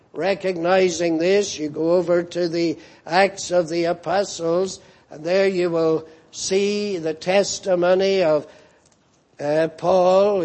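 A man's voice: high voice, a little mellow. A man preaching a sermon, emphatic and repeating key phrases for weight.

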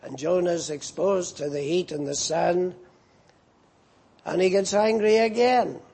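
A man preaching a sermon as a minister, moving between emphatic rises and quiet, drawn-out questions. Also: high voice, steady tone, slightly rough.

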